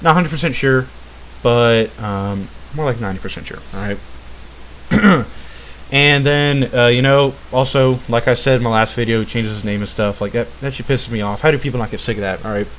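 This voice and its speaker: A man's voice: medium pitch, moderate pace, a bit bright, a little hiss or hum. Rambling, foul-mouthed young man ranting. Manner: swears constantly, keeps asking "all right?"; rambling, full of "uh" and restarts. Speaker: channel host. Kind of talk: profane gaming rant.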